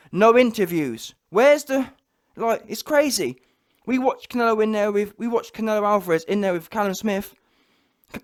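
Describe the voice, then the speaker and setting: A man giving a heated, blunt reaction rant about a boxing fight, repeating his points. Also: high voice. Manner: heated, blunt, repetitive, mocks others in quoted voices. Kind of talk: ranting reaction commentary.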